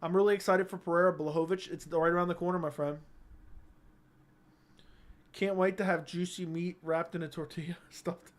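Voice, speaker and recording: A man's voice: sits high, steady tone, moderate pace, pauses often. A young man hosting a casual livestream on a studio mic, reading chat comments aloud and joking in a laid-back way. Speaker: livestream host. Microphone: studio dynamic mic.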